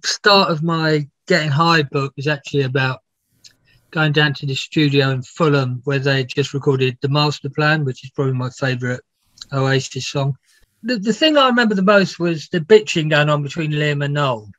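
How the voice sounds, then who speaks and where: A man's voice: a little high, moderate pace, a bit bright, dry recording. A man, a music biographer, telling rambling, laughing anecdotes with some swearing in a casual interview. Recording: dull, dry lo-fi sound.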